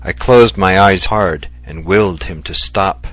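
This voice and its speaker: A man reading a first-person story aloud in a measured, reflective way. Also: deep voice, fairly bright tone, no echo. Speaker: narrator.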